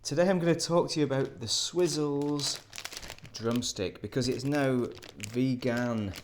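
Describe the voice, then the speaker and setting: A man's voice: medium pitch, fairly even intonation, a little slow, darkish tone, a little hiss or hum. A man casually reviewing a sweet on camera, rambling and self-interrupting, with dry, sardonic asides.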